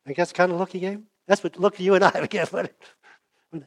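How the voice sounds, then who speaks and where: Pastor with a fading voice. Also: male voice, high-pitched, level tone, very fast. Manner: conversational preaching, acts out dialogue with big swings in loudness. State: losing his voice. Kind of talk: sermon.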